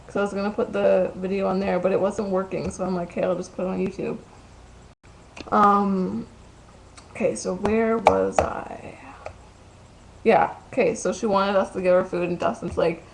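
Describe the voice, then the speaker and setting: A woman's voice: medium pitch, level tone, moderate pace, gravelly, a little hiss or hum, poor audio. A young woman telling a story in a casual vlog, ranting and chatty, full of "like" and "um". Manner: chatty, ranting, many likes and ums.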